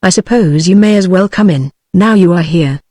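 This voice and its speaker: A fiery, easily offended young woman, read out by a synthetic voice. The delivery stays flat and machine-like at a middle pitch, with a dry, close sound. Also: moderate pace, no echo, lightly acted. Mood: sharp.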